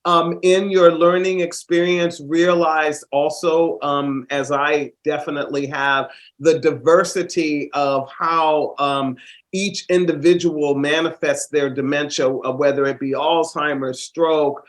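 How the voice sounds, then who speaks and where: A man hosting a podcast interview, asking questions in a thoughtful, halting way. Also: on the high side, fairly even intonation. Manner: thoughtful, halting, with many fillers. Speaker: podcast host. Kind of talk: interview conversation.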